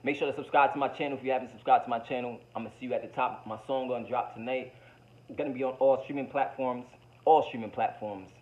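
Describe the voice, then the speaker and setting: A man's voice: mid-range voice, steady tone, quick pace, a little mellow, lo-fi sound. A man vlogging a motivational monologue to his viewers, preachy and slangy, repeating himself and calling them baby.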